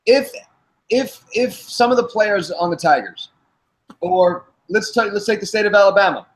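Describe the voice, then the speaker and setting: A man with a northern New Jersey accent asks long questions in a casual panel debate. His voice sits a little high, and he restarts his sentences often as he builds his point. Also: moderate pace, rough recording. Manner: stumbling restarts, animated questioning.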